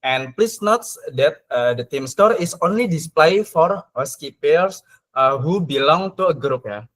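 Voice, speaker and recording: A man presenting software updates on a video call, often ending sentences with "ya" and pausing with fillers. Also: on the high side, animated. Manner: tags sentences with "ya", many fillers. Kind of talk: casual screen-share presentation.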